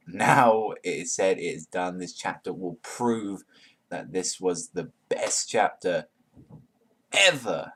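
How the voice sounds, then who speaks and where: A man reviewing a manga chapter in an excited, casual way, swearing often and filling his talk with "like". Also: low voice, breathy edge. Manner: profane, hyped, heavy use of "like".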